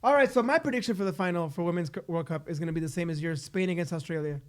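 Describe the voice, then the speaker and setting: A male co-host on a casual soccer podcast, talking in a high, light register. He jokes a lot and teases his partner with playful sarcasm. He sounds excitable and quick to hype things up. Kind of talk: casual chat.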